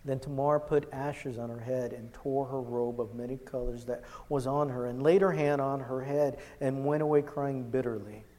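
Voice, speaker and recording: Impassioned preacher in a reverberant hall. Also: male voice, mid-range voice, steady tone, moderate pace, few pauses. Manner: impassioned, swings from loud to hushed. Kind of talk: sermon.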